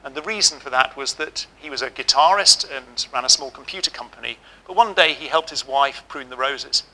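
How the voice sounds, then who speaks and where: A middle-aged man giving a keynote speech, telling lively, humorous stories. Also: mid-range voice, brisk, low-quality recording. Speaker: keynote speaker. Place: auditorium.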